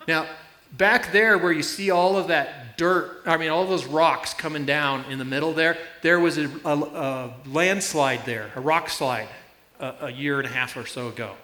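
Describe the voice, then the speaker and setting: Male preacher, bright, upbeat storyteller, roomy hall sound. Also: fairly high pitch, moderate pace. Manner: storytelling with laughs and illustrations. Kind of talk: sermon. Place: church.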